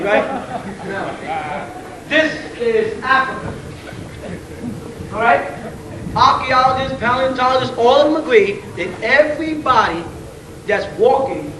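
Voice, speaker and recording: A man giving an informal, slangy lecture to a room of listeners. He jokes, chuckles between points and keeps asking rhetorical questions. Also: very high-pitched. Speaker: lecturer addressing an audience. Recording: roomy, distant, faint hiss.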